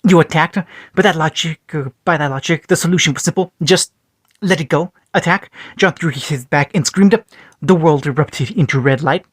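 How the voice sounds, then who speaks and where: A man's voice: on the high side, moderate pace, breathy edge, dry recording. A man reading a fan fiction story aloud, often stumbling and restarting words.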